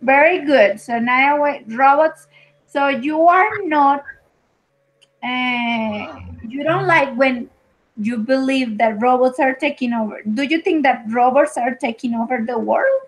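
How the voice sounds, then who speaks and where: A woman's voice: sits high, measured pace, low-quality recording. A woman with an American accent teaching English in an online lesson, explaining patiently with examples.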